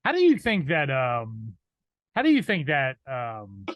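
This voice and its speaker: A man's voice: medium pitch, huge pitch swings, unhurried, fairly bright tone, no echo. A man co-hosting a podcast in casual chat, mostly giving short agreements and asking curious questions. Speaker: podcast co-host.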